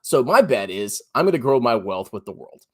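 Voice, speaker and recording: A man in his thirties talks straight to his viewers about money, blunt and sarcastic. His mid-pitched voice swoops a lot and often leaps high when he mocks someone. It sounds like an unscripted solo commentary. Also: big pitch swings, normal speed. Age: 30s. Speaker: personal finance YouTuber.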